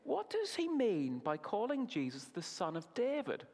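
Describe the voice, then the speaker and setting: A man preaching at a family service, asking the children questions and praising their answers in an animated way. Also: high voice, unhurried. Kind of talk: children's talk in a sermon. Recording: long reverb of a large hall.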